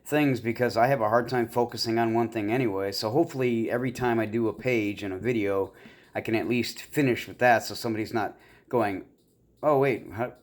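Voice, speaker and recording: A man's voice: on the low side, steady tone, brisk. A man from the Midwest of the US talking in a rambling, casual vlog monologue, full of fillers and self-deprecating asides. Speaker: YouTuber.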